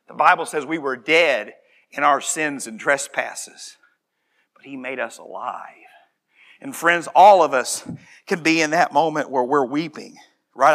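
A man preaching a sermon, reading scripture slowly and moving from calm explanation to impassioned shouting, then back to quiet, earnest appeal. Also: on the high side. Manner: reads scripture aloud slowly.

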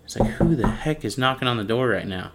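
A man co-hosting a podcast, telling a story in a casual, animated way and acting out the people in it. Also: medium pitch, a little fast, very noisy. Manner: animated storyteller, acts out quoted voices. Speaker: podcast co-host.

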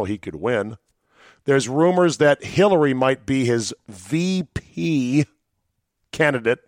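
The sound is clean studio audio with no echo as a man runs his solo podcast. Conversational and profane, he drops sardonic, mock-dramatic remarks marked by sudden leaps in pitch.

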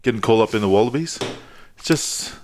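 A man's voice: fairly low pitch, lively intonation, fast, darkish tone. Joking young Australian guy. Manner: joking, banter-driven, laughs a lot. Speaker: podcast co-host. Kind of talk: casual chat.

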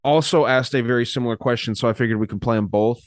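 A man's voice: mid-range voice, quick pace, no room sound, studio quality. A man hosting a casual podcast chat, rambling and swearing casually while reading from his notes. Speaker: podcast host.

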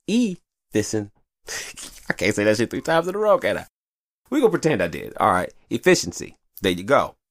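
Deep gravelly man, lively, profane. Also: dry recording, clean studio sound. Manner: profane, rambling, animated storyteller. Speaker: show host. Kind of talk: casual confessional monologue. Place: hot room upstairs.

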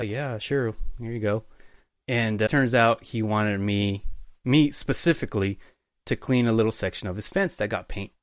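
A man speaking as a guest in a casual interview, telling work stories in a relaxed, easygoing way. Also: on the low side, dry recording, clean studio sound. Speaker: guest, utility locator.

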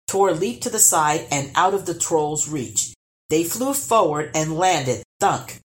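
Lively woman reading a storybook aloud. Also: low-pitched. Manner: expressive and lively. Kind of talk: storybook read-aloud narration.

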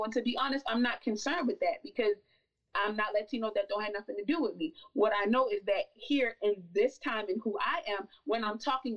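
Passionate woman, higher voice, a bit off mic. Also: far from the mic, dull audio. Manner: emphatic, building to forceful insistence. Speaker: podcast guest. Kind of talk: impassioned conversational talk.

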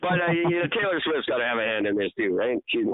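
Male podcast co-host, casual and rambling, lively pitch, tinny phone-quality audio. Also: quick pace, no room sound. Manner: loose and rambling, laughs often. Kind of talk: casual chat.

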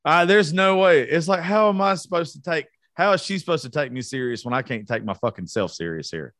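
A man's voice: on the high side, expressive, brisk, fairly bright tone, no room sound, studio quality. A young man from South Georgia with a Southern accent, hosting a casual, unedited podcast, profane and self-mocking. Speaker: podcast host.

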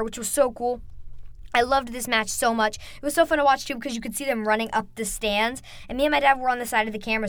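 A young woman hosting a casual podcast, gushing excitedly with frequent ums and restarts. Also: a little high, dry recording. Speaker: podcast host. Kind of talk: casual wrestling recap podcast.

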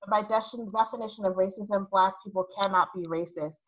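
A woman's voice: medium pitch, fairly even intonation, brisk, a bit bright, lo-fi sound, slight background noise. A woman, a diversity practitioner, explaining points precisely and making corrections as a guest in a panel discussion.

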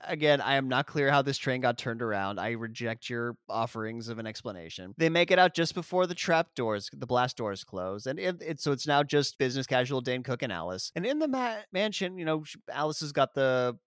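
A man's voice: mid-range voice, big pitch swings, a little fast, hardly any pauses, fairly bright tone, smooth, dry recording, clean studio sound. A man co-hosting a podcast, recapping a movie in casual, sarcastic, exasperated chat. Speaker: podcast co-host.

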